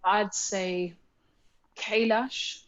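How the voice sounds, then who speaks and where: British woman guest, mid-pitched, easygoing and enthusiastic, somewhat lo-fi sound. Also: very slow. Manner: laughs often, relaxed, enthusiastic. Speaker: guest, music artist and manager. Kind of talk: casual conversational interview. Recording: slightly dull lo-fi sound.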